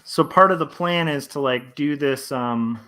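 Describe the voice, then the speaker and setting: A man in his thirties talks casually on a livestream while he works on his drawings at home. He rambles in a relaxed, friendly way, with lots of fillers and restarts. His voice sits in an ordinary middle pitch. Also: measured pace. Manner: relaxed and friendly, reads chat aloud. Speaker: comic artist streamer. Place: home studio indoors.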